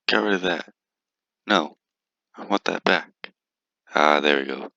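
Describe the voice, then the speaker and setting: Extremely low-pitched and slow, this man's voice carries vocal fry, long pauses and a bright, forceful tone without echo. A gaming video creator, he teases playfully through his gameplay commentary, giggling and humming and muttering along. The sound is dull lo-fi and dry.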